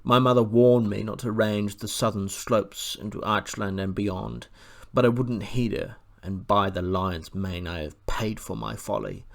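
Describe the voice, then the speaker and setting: A man voicing a proud gravelly talking war horse. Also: on the low side, unhurried, hardly any pauses. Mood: rueful. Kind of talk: audiobook character voice.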